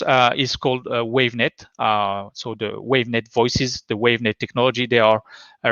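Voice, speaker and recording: Male conference presenter, French accent, muffled slightly dull line, halting delivery full of "uh". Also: mid-range voice, sharp tone, no echo. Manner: hesitant, many fillers and restarts. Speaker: conference speaker. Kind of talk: technical talk with live demo. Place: home.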